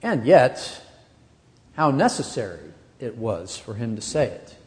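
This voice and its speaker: A man's voice: mid-range voice, big pitch swings, a little slow, darkish tone, in a large hall. A man preaching a sermon as pastor of a church, earnest and pressing his points with rising emphasis.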